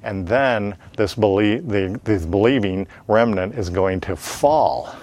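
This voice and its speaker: A man's voice: on the low side, slow pace, darkish tone. A man teaching a Bible lesson in sermon style, asking rhetorical questions and answering them himself with emphatic repetition, with frequent filler sounds. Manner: frequent "uh" fillers, plain conversational delivery.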